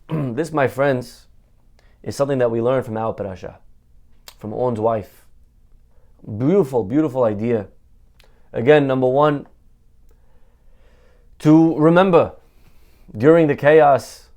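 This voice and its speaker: Delivering a Torah lesson sermon, a rabbi speaks in a mid-pitched, darkish voice. He's lively, asking rhetorical questions and supplying the answers, and he repeats key phrases to hammer his point home.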